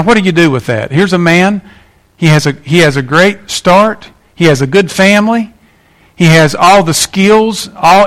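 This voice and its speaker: A man preaching with a slightly high voice. He is folksy and emphatic, and he keeps turning to the congregation with questions. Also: fairly bright tone. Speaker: pastor. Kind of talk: sermon.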